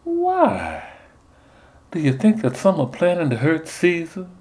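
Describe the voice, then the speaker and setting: Flirty southern belle, silky, sweet, soaring high and lively. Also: male voice, a little slow, exaggerated voice. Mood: coy, sweet. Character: nun playing a flirty southern belle Portia.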